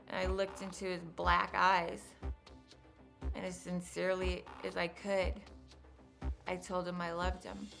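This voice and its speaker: A woman giving documentary interview testimony as a crime survivor, in a measured, halting, hushed way. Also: mid-range voice.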